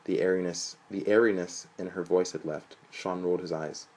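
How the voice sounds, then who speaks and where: A young man reading a story aloud in an even, flat manner, lifting his voice for quoted lines. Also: sits low, normal speed, rough recording. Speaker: narrator.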